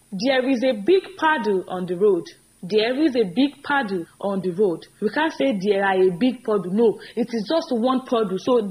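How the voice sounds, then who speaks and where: A woman teaching English grammar in an earnest, encouraging way, repeating each example sentence slowly and with emphasis. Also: medium pitch, a little mellow, poor audio. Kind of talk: spoken grammar lesson.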